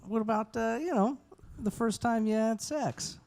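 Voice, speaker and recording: A man's voice: extremely high pitch, normal speed, gravelly, darkish tone. A male comedian heckling and teasing the host on a live stage. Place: live stage before an audience.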